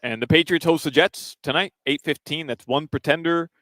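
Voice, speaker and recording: Male update reader, slightly high voice, dry mic, brisk headline delivery. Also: a bit bright, no echo. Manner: brisk, with fillers between items. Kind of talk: reading headlines and weather on live radio. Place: live remote broadcast at an arena.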